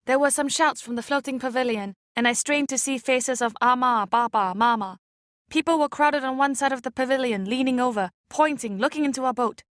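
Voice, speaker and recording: A woman reading an audiobook chapter aloud in a measured, expressive way. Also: high voice, dry recording, clean studio sound. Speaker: audiobook reader. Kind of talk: scripted narration.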